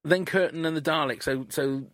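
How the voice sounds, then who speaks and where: A man's voice: a little high, a little fast, a bit bright, no room sound. Man recapping a comedy episode. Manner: recounts scenes, quoting lines in playful put-on voices. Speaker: podcast co-host.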